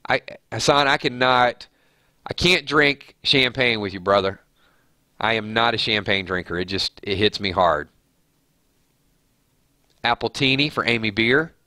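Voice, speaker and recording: A man's voice: fairly low pitch, sharp tone, no echo, clean studio sound. A man with a nasal voice hosting a live stream, chatting casually and reading viewer comments aloud with easy laughs.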